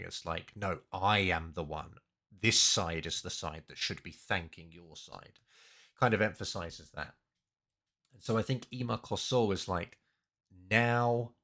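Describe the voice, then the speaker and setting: Low and gravelly yet a bit bright, this man's voice belongs to a language learning streamer. He picks apart grammar and language in a relaxed way, musing aloud with frequent fillers and self-corrections.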